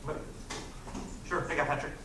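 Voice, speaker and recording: A man's voice: moderate pace, recorded from a distance. A male physics teacher lecturing casually through test problems, often checking in with "right?". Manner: conversational, checks in with frequent "right?". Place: classroom. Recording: echoey classroom, recorded from afar, noisy.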